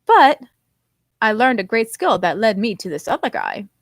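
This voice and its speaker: A woman's voice: fairly high pitch, very animated, normal speed, dry recording. A woman voicing a kindly middle-aged man who teases and fusses over a friend, in a dry, close recording. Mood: cheerful. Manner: warm, fussing, teasing tone.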